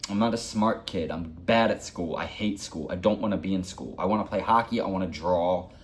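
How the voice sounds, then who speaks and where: Man, 40s, deep voice, rambling heartfelt storyteller, vlog. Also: fairly quick, a little hiss or hum. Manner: rambling, heartfelt, repeats himself. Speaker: hockey vlogger. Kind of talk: personal storytelling.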